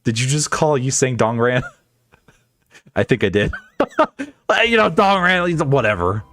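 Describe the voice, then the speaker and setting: A man's voice: medium pitch, lively intonation, unhurried, a bit bright, dry recording, clean studio sound. A man streaming a game playthrough, joking around, laughing often and reading lines in mock-dramatic voices.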